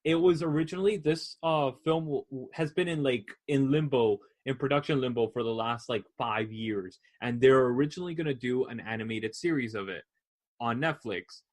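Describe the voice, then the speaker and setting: A man's voice: medium pitch, moderate pace. A man co-hosting a casual podcast, bluntly giving movie news and opinions. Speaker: podcast co-host. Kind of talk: casual chat.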